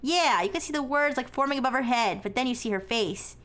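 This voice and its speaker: A woman's voice: high-pitched, lively intonation, brisk, a bit bright. A woman voicing gossiping teenage schoolgirls who complain in a catty, whiny way while reading game dialogue aloud. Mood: resentful.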